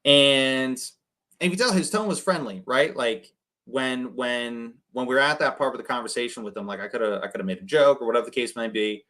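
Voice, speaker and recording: A man casually coaching people on cold calling between phone calls, often tagging his points with a quick "right?". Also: mid-range voice, a bit bright. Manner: conversational, keeps adding "right?". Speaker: real estate wholesaling coach.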